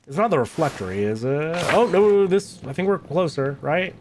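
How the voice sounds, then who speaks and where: A man's voice: fairly high pitch, sing-song, moderate pace, background noise. A man streaming a game, chatting loosely and swearing freely as he plays. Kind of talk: casual game commentary.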